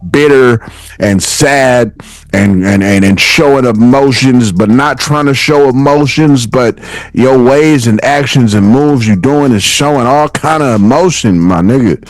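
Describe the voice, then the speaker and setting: A man's voice: medium pitch, a little slow, dry recording. A young American man hosting a solo podcast, ranting casually and profanely and laughing often. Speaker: podcast host.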